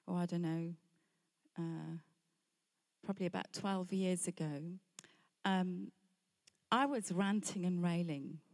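Slow-speaking woman preacher giving testimony. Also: on the low side. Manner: candid, storytelling, laughs between points. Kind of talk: personal testimony sermon.

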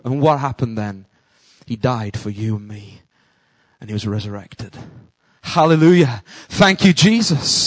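A man preaches with a high, bright voice. His delivery swings from near-whispered hushes to loud, ringing calls. The sound is close and dry, with no room around it. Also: expressive, moderate pace, no room sound, low-quality recording. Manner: preaching with sudden drops to a hush and bursts of loud calls. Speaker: pastor. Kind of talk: sermon.

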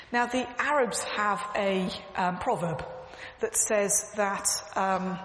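A woman's voice: mid-range voice, normal speed, fairly bright tone. A woman giving an earnest, emphatic sermon, repeating phrases as she tells stories. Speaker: church speaker. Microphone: clip-on mic, echoing. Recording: echoey hall, faint background noise.

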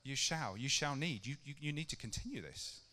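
Man, middle-aged, preacher, casual conversational sermon, bright voice, long church-hall reverb. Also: mid-range voice, animated, brisk. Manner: conversational and chatty, with rhetorical questions to the congregation.

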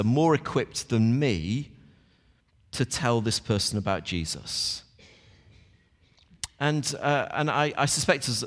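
A man preaching a morning sermon, talking in a plain, conversational way and speaking directly to his congregation. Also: mid-range voice. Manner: conversational, talks straight to the congregation. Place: church. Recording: long church reverb.

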